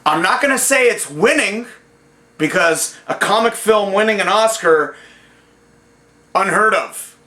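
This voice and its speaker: A man hosts a solo movie review and rants with heat, swearing freely and stopping to restart his sentences. His voice is bright and sharp and sits a little high for a man. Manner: profane, heated rant with frequent restarts. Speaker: host.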